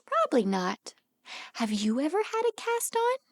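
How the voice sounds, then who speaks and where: A woman speech therapist reading a picture book aloud to small children, gently animated and asking them questions as she goes. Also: sits high, moderate pace, no room sound, clean studio sound.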